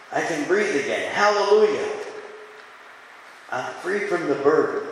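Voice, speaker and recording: A man preaching a sermon as pastor, swinging between loud fervent calls and hushed, low musing. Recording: echoey hall, faint room noise.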